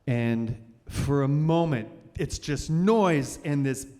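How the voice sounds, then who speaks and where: A man telling a personal story live on stage, animated and vivid, often restarting phrases. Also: fairly high pitch, takes it slowly. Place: cultural center hall, on stage. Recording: long hall reverb.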